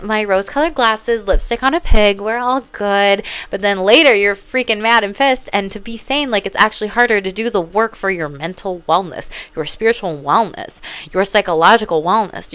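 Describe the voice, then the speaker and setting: A woman from Minnesota, a psychic and life coach giving casual advice in a blunt, profane, sassy way and breaking into loud outbursts. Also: medium pitch, clean tone, no echo.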